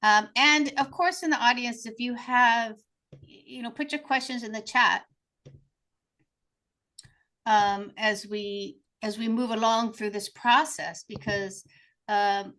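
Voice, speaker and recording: A woman co-hosts a live talk show and asks her partner questions. She speaks in a chatty way with a bright, forward tone and a slightly high pitch. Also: fairly even intonation, slow. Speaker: co-host.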